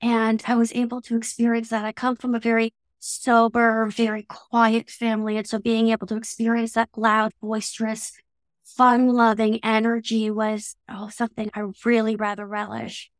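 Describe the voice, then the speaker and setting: A Canadian woman with a Canadian English accent, a guest in an interview, talking in a thoughtful, measured way. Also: on the high side, completely flat delivery, dry recording, clean studio sound. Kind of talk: reflective conversational interview.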